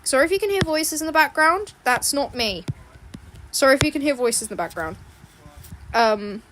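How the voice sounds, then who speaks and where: A young woman rambles casually as she draws, repeating herself and giggling between thoughts. Her voice is high. A clicking, noisy background hums behind her. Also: lively intonation, normal speed. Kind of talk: casual rambling chat while drawing.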